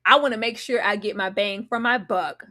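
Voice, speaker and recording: A woman giving animated, sassy commentary recapping a reality show, often mocking the cast in put-on voices. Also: medium pitch, moderate pace.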